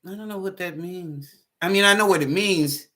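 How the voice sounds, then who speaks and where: A woman's voice: on the low side, normal speed, fairly bright tone. A woman hosting a live psychic reading stream, chatting casually and greeting viewers one by one by name. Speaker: psychic reader and show host.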